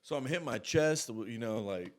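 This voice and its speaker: A man's voice: medium pitch, animated, brisk. Man, casual monologue storyteller, profane and rambling, lots of asides.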